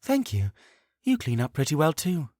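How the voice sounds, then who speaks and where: A man's voice: on the high side, wildly swooping pitch, normal speed, darkish tone, dry recording, clean studio sound, pitched above the performer's own voice. A man narrating an audiobook voices a playful young woman with a sing-song, teasing way of talking.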